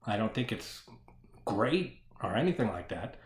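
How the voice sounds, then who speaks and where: A man's voice: fairly low pitch, very animated, unhurried, reverberant. A man giving a casual solo discussion of a horror film, ranting with plenty of swearing and frequent laughter. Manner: profane, ranting, laughs often.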